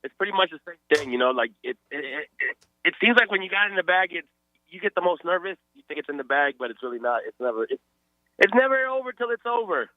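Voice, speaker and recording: A man's voice: high-pitched, very animated, fast talker, no room sound. A man calling in to a radio show, talking casually and hesitantly with many fillers, on a tinny phone line. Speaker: caller.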